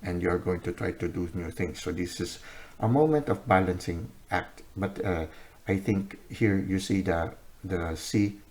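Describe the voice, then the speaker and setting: A man giving an unscripted tarot reading to camera, unhurried, pausing on "uh" and often ending points with "no?" or "okay?". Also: sits low, a little mellow. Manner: unhurried, many "uh" pauses, often ends with "no?" or "okay?". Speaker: tarot reader.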